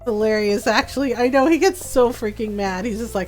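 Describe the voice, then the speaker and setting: A woman's voice: fairly high pitch, a little fast, few pauses, soft background music. A woman streaming a farming game, chatting casually and playfully with frequent giggles. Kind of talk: casual gameplay commentary.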